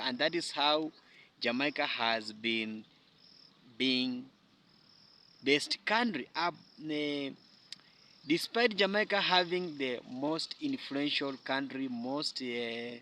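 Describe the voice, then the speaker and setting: A man's voice: medium pitch, bright, forceful tone. A man hosting a commentary channel, speaking enthusiastically with loose grammar and frequent fillers. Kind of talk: casual commentary.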